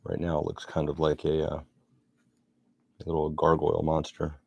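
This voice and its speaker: A man's voice: extremely low pitch, completely flat delivery, normal speed, creaky, a little mellow, husky, muffled recording. A middle-aged man chatting casually and rambling as he narrates his sculpting work. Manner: rambling, chatty, self-deprecating. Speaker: sculptor vlogger.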